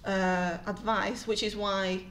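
British woman, podcast co-host, animated storyteller, everyday mid voice, light noise floor. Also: medium pitch, slow. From Britain. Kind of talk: casual chat.

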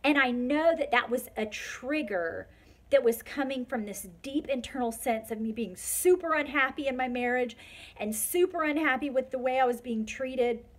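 Woman in her forties, personal vlog, heartfelt, slightly high voice, lots of fillers. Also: normal speed. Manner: tearful, heartfelt, filler-heavy. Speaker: vlogger.

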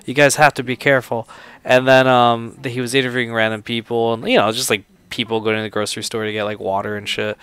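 Man, let's play host, casual commentary, rambling, laughing, swears, smooth mid voice. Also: mid-range voice, little pitch movement, fast, hardly any pauses, a bit bright, no room sound.

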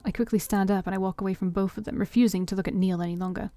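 Woman, story game narration, expressive, first person, mellow, dry. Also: medium pitch, very fast, no room sound, faint music behind. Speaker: streamer reading a story game. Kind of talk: reading a visual novel aloud.

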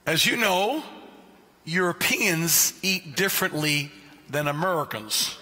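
This pastor speaks slowly in a voice on the high side with a breathy edge. He preaches an animated, joke-filled sermon with stories, addressing listeners by name, and the church sanctuary lends a long reverb.

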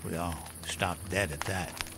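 A man doing a gruff, folksy old storyteller. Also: deep voice, fairly even intonation, measured pace, noisy background. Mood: gruff storytelling. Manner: folksy, profane, chuckling.

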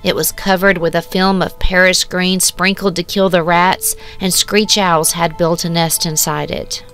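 A woman reading a short story aloud in a measured, hushed, wistful way. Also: fairly low pitch, little pitch movement. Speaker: story narrator. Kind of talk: scripted storybook narration. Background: soft music.

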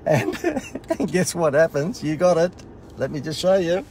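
A man's voice: on the high side, sing-song, measured pace, a little mellow, slight background noise. A middle-aged Australian man casually telling a funny story in a sarcastic, self-mocking way. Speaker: host.

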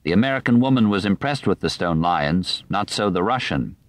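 A man narrating a nonfiction audiobook in a measured, even reading voice on a studio microphone. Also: low-pitched, dry recording.

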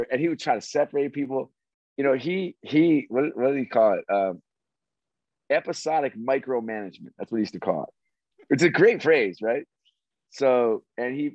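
A middle-aged man, a former sports executive, telling stories as an interview guest in an animated, restarting way. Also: mid-range voice, dry recording. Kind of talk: casual interview storytelling. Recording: dry, slightly dull audio.

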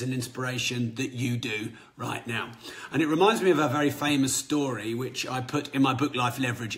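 A man hosting a motivational business podcast, talking energetically and casually correcting himself. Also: medium pitch. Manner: energetic, conversational, self-correcting. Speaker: podcast host.

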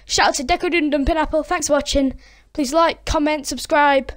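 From a room at home, a woman hosting her gaming channel gives excited, chatty live commentary on her own basketball video game match, cheering and groaning at plays. Her voice is high and brisk, and friends can be heard talking in the background.

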